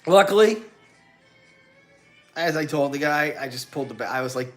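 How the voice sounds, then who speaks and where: Animated man ranting on a livestream. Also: moderate pace, pauses often, faint music behind. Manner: animated, acts out quotes with big pitch jumps and laughs. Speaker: livestream host. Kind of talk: casual storytelling rant.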